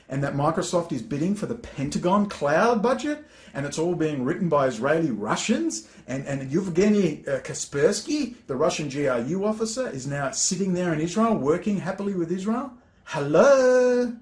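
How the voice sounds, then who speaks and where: A man's voice: high voice, animated, moderate pace, a little mellow. A man giving an angry, exasperated rant as a political commentator, swearing often. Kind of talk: ranting monologue. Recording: echoey room.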